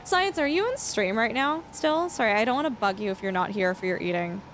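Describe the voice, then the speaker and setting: A woman's voice: fairly high pitch, lively intonation, a little fast, a bit bright, a little hiss or hum. A woman streaming a farming game, chatting casually and reading chat aloud. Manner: chatty, reads chat aloud, laughs often. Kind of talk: casual livestream chat while gaming.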